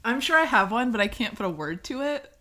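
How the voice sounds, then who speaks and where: A woman's voice: fairly high pitch, lively intonation, fairly quick, bright, forceful tone. A woman co-hosting a podcast in casual chat, hesitant and searching for her words. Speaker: podcast co-host.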